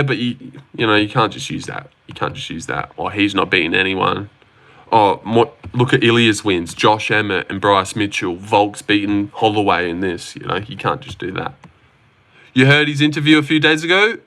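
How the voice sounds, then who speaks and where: A man's voice: medium pitch, sharp tone. A man hosting a casual livestream, rambling and swearing freely while reading out and answering chat messages. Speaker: livestream host reacting to fights.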